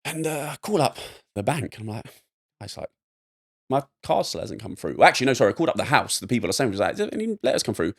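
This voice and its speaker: A young man from England telling a personal story as a podcast guest, rambling and animated with lots of fillers. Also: mid-range voice, fast talker. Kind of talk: casual storytelling.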